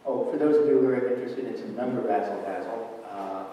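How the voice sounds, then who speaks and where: A man's voice: fairly low pitch, fairly quick, muffled recording, a little hiss or hum. An older man, a math professor, giving a wry, digressive public lecture. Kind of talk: public lecture with poetry reading. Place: lecture hall. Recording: distant, echoey lecture hall.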